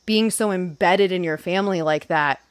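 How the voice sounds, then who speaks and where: Casting: woman, lowish voice, dry close sound, rambling and reflective casual film chat. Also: normal speed, dry recording. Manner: rambling, reflective, says "like" often.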